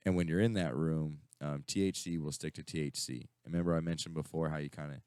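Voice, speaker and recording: A radio show co-host with a rumbling low, darkish voice talks fast in a steady tone. He rambles through a casual chat, swearing and telling stories packed with fillers and restarts. The studio sound is clean, with no echo.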